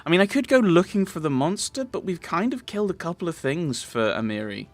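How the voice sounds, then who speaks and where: A man hosts a let's play, casually commentating his game playthrough at a slightly fast pace. His voice is on the high side with big pitch swings, and he rambles chattily with lots of fillers and restarts.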